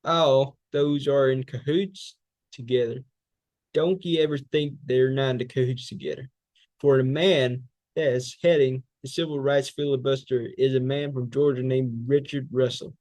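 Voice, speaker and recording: Man, mid-pitched, delivering a recited speech with fiery rhetorical repetition; dry sound. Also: steady tone, normal speed, a little mellow, no echo. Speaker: public speaking student. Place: speech training class.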